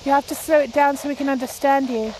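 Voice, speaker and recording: Brief: paranormal investigator, woman with a high voice, softly coaxing questions, noisy outdoor cemetery recording. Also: fairly even intonation, fast. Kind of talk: spirit communication session.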